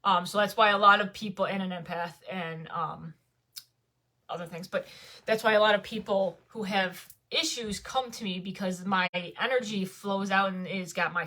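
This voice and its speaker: Casual woman vlogger, rambling and full of fillers, crisp bright tone. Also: mid-range voice, steady tone, normal speed. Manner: rambling, conversational, many fillers. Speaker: spiritual vlogger. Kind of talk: casual talk to camera.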